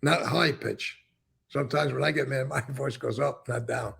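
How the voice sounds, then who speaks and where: A man as an interview guest, recounting and explaining events with emphatic, animated storytelling. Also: mid-range voice, moderate pace, vocal fry, breathy edge.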